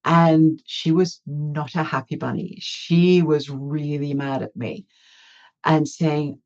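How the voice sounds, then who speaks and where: A woman's voice: sits low, slow, darkish tone, dull audio. A woman guest in an interview, telling her own story candidly with self-mocking humour. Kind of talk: storytelling in conversation.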